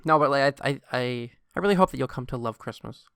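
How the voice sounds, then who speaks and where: A man's voice: medium pitch, quick pace, a bit bright, smooth, dry recording, clean studio sound. A young man co-hosting a podcast, enthusiastic and giggly, often stammering as he restarts sentences. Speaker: podcast co-host. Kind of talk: casual chat.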